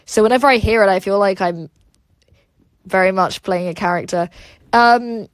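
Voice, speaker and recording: A woman's voice: medium pitch, moderate pace, dry recording. A woman hosting a casual livestream, reading chat aloud and rambling with lots of "like" and "um" fillers.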